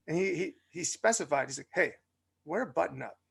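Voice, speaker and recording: A man's voice: fairly high pitch, expressive, brisk, vocal fry, fairly bright tone, husky. A young adult man, co-hosting a podcast and telling a long story in a chatty, filler-heavy way. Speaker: podcast co-host. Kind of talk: casual storytelling chat.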